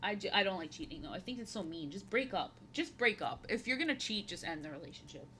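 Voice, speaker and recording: A woman's voice: medium pitch, lively intonation, fast talker, sharp tone, a little hiss or hum. A woman in her thirties chatting casually while painting on a stream, rambling and repeating her own phrases, playful and prone to slipping into silly voices.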